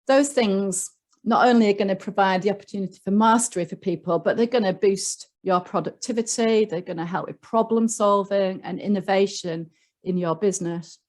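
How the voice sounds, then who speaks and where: A woman with a Yorkshire accent talks as a guest on a leadership panel. Her voice sits at an ordinary mid pitch, and she explains her points earnestly, often pausing on an um or restarting a phrase. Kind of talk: online panel talk.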